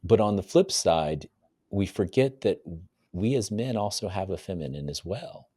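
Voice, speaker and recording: A man with a very deep voice talks as a guest on a podcast, laying out ideas in a reflective, explanatory way. He often checks in with his listener as he speaks. The recording is dry and close-miked. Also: lively intonation, moderate pace, mellow, breathy edge, dry recording. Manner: reflective, explaining ideas with frequent "you know" and "right?". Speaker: men's coach, podcast guest. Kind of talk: casual podcast conversation.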